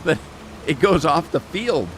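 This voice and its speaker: A man's voice: a little high, big pitch swings, a little slow, a little hiss or hum. A man hosting a gameplay stream, chatting casually and talking to himself as he plays. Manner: rambling, chatty, talks to himself and chat. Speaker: gaming channel host. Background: rain sounds from the game.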